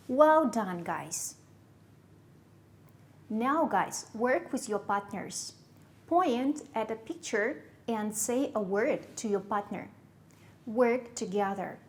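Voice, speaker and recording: A woman with a Kyrgyz accent teaching English to young pupils, slowly repeating and spelling out words. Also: on the high side, animated.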